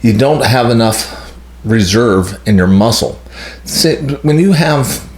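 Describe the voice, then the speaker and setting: A man's voice: fairly low pitch, darkish tone, reverberant. A man hosting a health channel, explaining in a blunt, emphatic casual monologue that hammers home key points.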